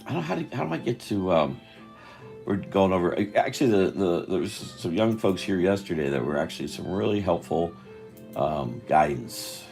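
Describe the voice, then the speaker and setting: A man's voice: deep voice, sing-song, moderate pace, creaky, a little mellow, faint music behind. An older man chatting on a live stream while he draws, rambling and interrupting himself, tired. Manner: meandering, self-interrupting, chatty.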